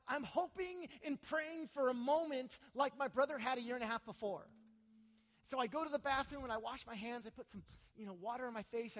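High-voiced man preaching in a big hall. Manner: storytelling, swelling in volume at emotional peaks. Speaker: pastor. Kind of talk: sermon with personal story and prayer.

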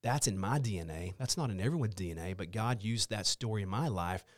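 A man with a low voice talks as a podcast guest. His delivery is earnest and emphatic. The sound is dry and close, with no room around it. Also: brisk, no room sound. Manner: earnest, emphatic about church mission. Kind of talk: casual conversation about faith.

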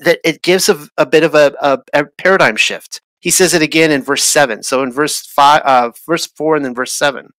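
A man with a bright, forward voice talks through a Bible chapter on his podcast, recorded dry and close. He thinks aloud as he goes, restarting phrases and pausing with fillers. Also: on the high side, no echo, poor audio. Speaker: podcast host. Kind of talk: casual Bible study talk. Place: traveled to Israel.

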